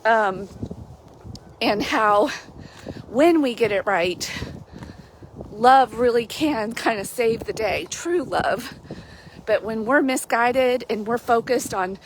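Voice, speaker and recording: A woman's voice: on the high side, slow pace, pauses often, a little hiss or hum. Chatty woman giving a casual devotional. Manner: chatty and animated, with frequent laughs and asides. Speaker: Christian life coach. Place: outdoors on a mild day.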